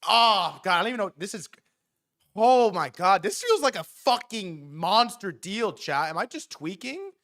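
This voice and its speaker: Excitable, bright-voiced young male streamer. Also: high-pitched, measured pace. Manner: excitable, swearing, repeats himself, talks to chat. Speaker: streamer reacting to news. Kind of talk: casual livestream commentary.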